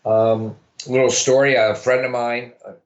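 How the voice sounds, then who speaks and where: A man's voice: medium pitch, little pitch movement, measured pace. Guy rambling thru an interview, lots of restarts, kinda muffled recording. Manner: rambling, restarts, thinks aloud. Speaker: guest, realtor. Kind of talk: casual interview answers.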